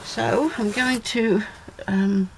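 A woman's voice: a little high, fairly even intonation, drawn-out words, vocal fry. A middle-aged woman chatting to her viewers as she opens a parcel, thinking aloud and exclaiming as she goes. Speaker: video blogger opening a parcel. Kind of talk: casual unboxing chat. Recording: noisy home recording.

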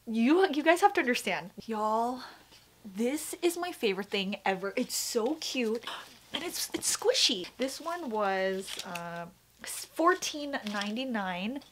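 Gushing, excitable young woman vlogger. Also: fairly high pitch, takes it slowly, slight background noise. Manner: gushing, excitable, chatty with many fillers. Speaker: vlogger showing a shopping haul. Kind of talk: casual chat. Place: at home.

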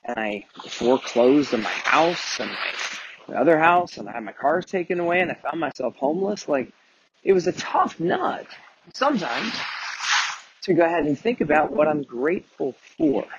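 A man's voice: a little high, very animated, normal speed. A man hosting a motivational podcast, talking candidly and earnestly with casual swearing while walking on a beach at night. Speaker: podcast host and mentor. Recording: muffled outdoor recording with wave noise. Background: crashing waves.

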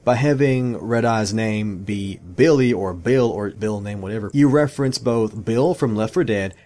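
A man's voice: lowish voice, moderate pace, warm tone. Chatty Australian man talking game lore. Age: 30s. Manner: chatty, rambling, often says "y'all". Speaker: gaming YouTuber. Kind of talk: casual game lore commentary.

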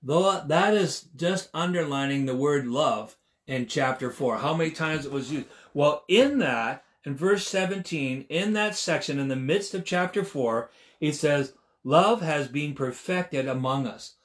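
A man in his sixties delivers a sermon in a notably high voice. He leans hard on key phrases, repeating them for emphasis. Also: unhurried. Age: 60s. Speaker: preacher.

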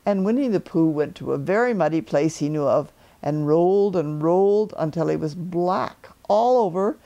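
Older female storyteller, mellow tone, very expressive storybook reading. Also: fairly low pitch, normal speed, muffled recording. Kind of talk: reading a children's story aloud.

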